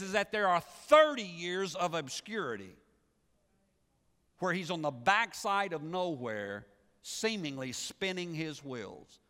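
Male pastor, fairly high voice, talky sermon full of restarts and questions. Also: pushed and bright, big-room sound. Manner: conversational preaching with frequent restarts and rhetorical questions.

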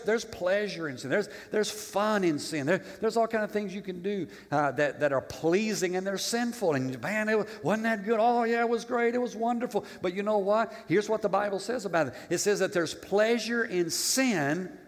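A male pastor preaching a conversational sermon, restarting phrases and asking the congregation rhetorical questions. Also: fairly high pitch. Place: church. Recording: long reverb of a church hall.

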